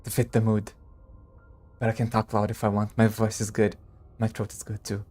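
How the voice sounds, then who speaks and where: A male streamer chatting casually with his viewers while he plays, talking low, quiet and gravelly, and laughing often. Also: completely flat delivery, soft background music. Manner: speaks low and quiet, gravelly, like a movie vigilante; slow, laughs often, talks to chat. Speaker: streamer playing a game. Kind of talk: casual live-stream chat.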